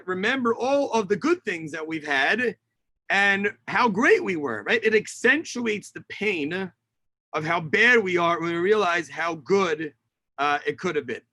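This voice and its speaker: His voice sits high, sounding pushed and bright with no room sound. Speaking from home into a video call mic, the rabbi reads Hebrew lines from the Tisha B'Av kinot, translating and explaining them with plenty of fillers.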